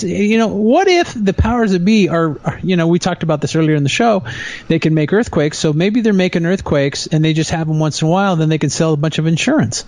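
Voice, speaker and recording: A man in a casual podcast conversation, ranting with indignation and mocking others in quick quoted asides. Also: fairly high pitch, a little mellow.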